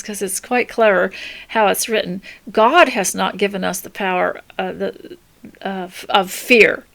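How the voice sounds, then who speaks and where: Unhurried older woman giving homemaking advice. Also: mid-range voice, gravelly. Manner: gentle, unhurried, many ums and restarts. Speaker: homemaking podcast host. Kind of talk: casual spoken advice talk.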